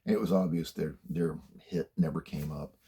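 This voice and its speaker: A man's voice: rumbling low, steady tone, normal speed, dark tone, breathy edge. An older man giving blunt, plainspoken career advice in a casual monologue, swearing freely as he tells stories from his working life. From United States.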